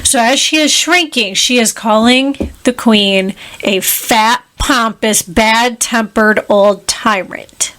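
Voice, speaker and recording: A woman co-hosting a podcast, retelling a film plot in casual chat with animated, quick asides. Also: a little high. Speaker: podcast co-host.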